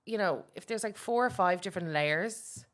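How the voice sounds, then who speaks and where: A woman's voice: lowish voice, normal speed. An Irish woman co-hosting a podcast in casual chat, rambling along with lots of fillers and restarts. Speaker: podcast co-host.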